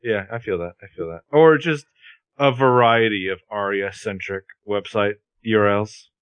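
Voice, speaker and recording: A man's voice: lowish voice, moderate pace, clear, resonant tone, no echo, dull audio. A man co-hosting a casual podcast, joking with wry asides while recapping a show. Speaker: podcast co-host recapping a TV episode. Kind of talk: casual chat.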